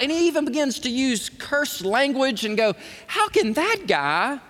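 A man's voice: very high voice, slow. A man preaching a sermon as pastor, telling stories with folksy asides. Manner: animated storytelling with folksy asides. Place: church sanctuary. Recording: long hall reverb.

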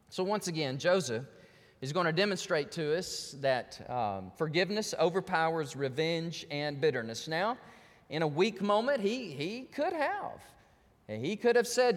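A man's voice: on the high side, sing-song, moderate pace, long reverb tail. A man preaching a sermon as pastor, telling stories animatedly and acting out the voices of the people in them.

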